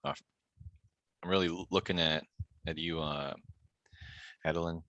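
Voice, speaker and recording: A man hosting a group video call, chatting in a relaxed way and laughing as he retells a story. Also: low voice, measured pace, dry recording, dull audio. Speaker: host of an online practice group. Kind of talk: casual video-call chat.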